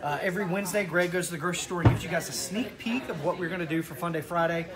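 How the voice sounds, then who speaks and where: A man hosting a live show in casual chat, excitedly promoting a giveaway. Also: fairly high pitch, very fast, a loud crowd. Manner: excited, animated promo talk. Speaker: show host.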